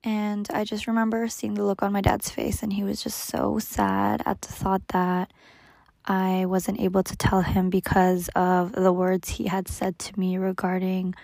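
Young woman, casual storytelling, soft half-whispers, filler "like"s, gravelly, dry close sound. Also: medium pitch, monotone, measured pace, dry recording.

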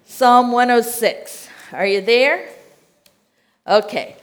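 A woman's voice: fairly high pitch, takes it slowly. An American woman preaching a sermon, reading scripture aloud and checking in with her listeners in a conversational way.

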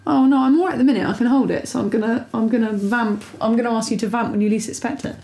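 A woman's voice: fairly high pitch, fast talker, creaky, mellow. A young woman co-hosting a casual podcast, playful and bossy in jokey banter. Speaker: podcast co-host. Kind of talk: casual chat.

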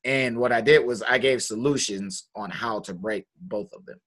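A man's voice: medium pitch, moderate pace, a bit bright. A man in a casual group discussion, speaking earnestly and restarting phrases as he builds his points. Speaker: panel guest and writer.

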